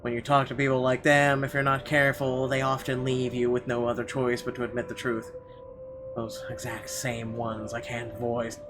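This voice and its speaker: A man playing a visual novel, reading its narration aloud expressively and breaking off into profane, yelling rants of his own. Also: mid-range voice, monotone, moderate pace, over music. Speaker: let's player.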